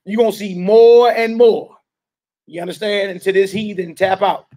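A man's voice: high-pitched, fairly even intonation, moderate pace, mellow. A man preaching to a gathered room, urging and questioning his listeners in call and response. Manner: emphatic, urging the listeners directly. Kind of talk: street-style sermon with call and response.

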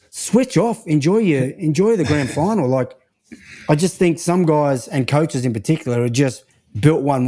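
An Australian man, a guest telling relaxed anecdotes in a casual interview over a video call from home. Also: mid-range voice.

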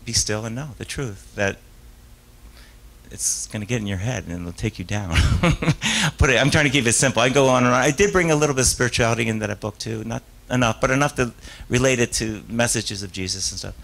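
In a rough recording of a live author talk, a man speaks a little fast in a medium-pitched, creaky, fairly bright voice while answering audience questions. He is a stage hypnotist whose stories ramble, full of restarts, self-interruptions, laughter, and acted-out voices.

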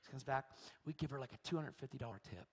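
A man preaching a sermon, telling a story with animated energy and acting out the people in it. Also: medium pitch, fast, noisy background. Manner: animated storytelling, acts out voices, shrieks in quotes. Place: large church hall. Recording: long hall reverb.

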